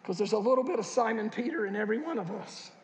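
A male pastor preaching a sermon, animated and joking, with loud bursts. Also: sits high, fast talker, a little hiss or hum. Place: large church hall. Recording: echoey church hall.

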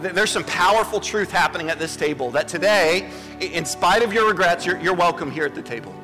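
A man pastor preaching a sermon from a church stage, earnest and repetitive, dropping to a soft hush for quoted words. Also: high-pitched, lively intonation, a little fast, big-room sound, faint music behind. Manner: earnest, repeats words, drops to a soft hush when voicing Jesus.

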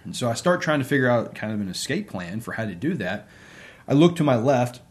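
A man's voice: medium pitch, big pitch swings, fairly quick. A man, an interview guest and sports coach, telling a personal story in a casual, conversational way with many fillers.

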